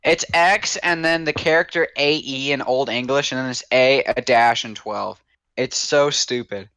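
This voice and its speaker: A young man co-hosting a casual podcast, sarcastic and quick to object. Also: medium pitch, a bit bright, smooth, dry recording, rough recording. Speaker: podcast co-host. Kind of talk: casual chat.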